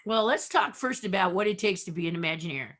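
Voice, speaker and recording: An older woman, an animated storyteller, talking as a guest in an interview. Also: on the low side, fast talker. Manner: animated storyteller, acts out quotes.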